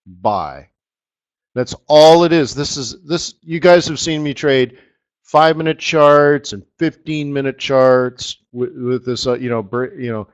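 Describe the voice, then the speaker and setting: A man hosting a live trading webinar, walking viewers through charts in an excitable, slangy, chatty way. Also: medium pitch. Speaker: forex trading webinar host. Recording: slightly dull lo-fi audio.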